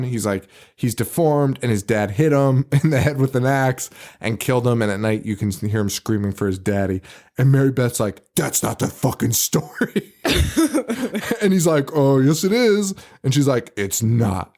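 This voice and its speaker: A man in his thirties hosting a podcast, chatting casually about a film, laughing often and acting out lines. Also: mid-range voice. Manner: animated, laughs often, acts out quotes. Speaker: podcast host.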